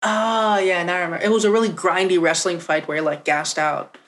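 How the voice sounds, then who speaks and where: A man's voice: sits high, steady tone, a little fast, a bit bright, a little hiss or hum. A man co-hosting a podcast, giving laid-back, noncommittal takes in casual chat. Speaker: podcast co-host.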